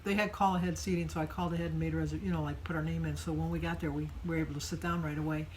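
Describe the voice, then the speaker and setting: A woman's voice: low voice, flat delivery, very fast, a little hiss or hum, rough recording. Chatty older woman telling a story. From Michigan. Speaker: vlogger. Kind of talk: casual daily vlog.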